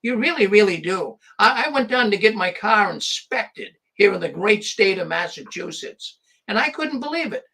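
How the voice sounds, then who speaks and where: A man's voice: sits high, expressive, moderate pace, gravelly, bright, forceful tone. A man hosting a call-in show, talking in a rambling, conversational way with restarts. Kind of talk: casual call-in talk.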